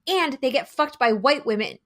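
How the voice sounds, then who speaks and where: A woman who is a guest on a podcast, speaking frankly and deliberately and swearing freely. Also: high-pitched, lively intonation, a bit bright. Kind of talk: casual podcast conversation.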